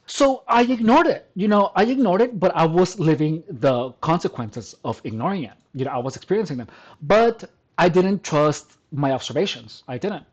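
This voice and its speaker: A personal trainer vlogger speaks straight to the camera in a casual, emphatic monologue, often repeating and restarting his phrases and calling the listener "dude" and "man." His voice is high, and the recording quality is low.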